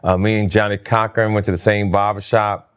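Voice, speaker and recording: A man from New Jersey telling stories in a casual interview, his voice jumping up high when he acts out what people said. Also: fairly quick, smooth. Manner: animated storyteller, voice jumps high for quoted lines. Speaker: interview guest, comedian.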